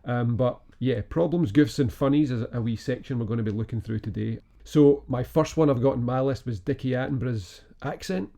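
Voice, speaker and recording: Male podcast co-host, dark gravelly voice, easygoing chat. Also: mid-range voice, brisk, hardly any pauses. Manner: relaxed, chuckles often, many fillers. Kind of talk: casual film review chat.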